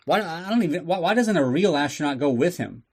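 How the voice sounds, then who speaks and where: A podcast host gives a loose, funny movie recap, sarcastic and profane, riffing on the plot. His voice is a little high, a little mellow and slightly rough, expressive and fairly quick.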